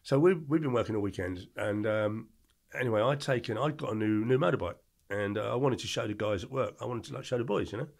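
Gravelly, fast-talking middle-aged man; animated storyteller guest. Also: fairly low pitch. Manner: animated anecdotes with acted-out quotes. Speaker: podcast guest. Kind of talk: casual storytelling.

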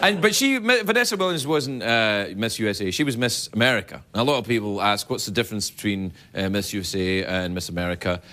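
A late-night talk show host with a lowish voice delivers a jokey comedic monologue fast and with few pauses, full of self-mocking asides. He's in a TV studio, where loud audience laughter and noise fill the recording.

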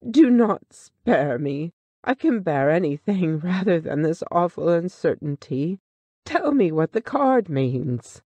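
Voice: medium pitch, animated, measured pace, a little mellow, no echo, dull audio, close to an everyday voice. A storyteller reading the lines of a tormented businessman who pleads in desperation. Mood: desperate. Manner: pleading, agitated.

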